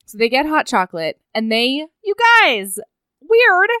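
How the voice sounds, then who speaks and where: A woman's voice: high-pitched, sing-song, unhurried, bright, forceful tone, smooth, dry recording, studio quality. A woman co-hosting a podcast, playfully retelling a movie plot in casual chat and giggling often. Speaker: podcast co-host.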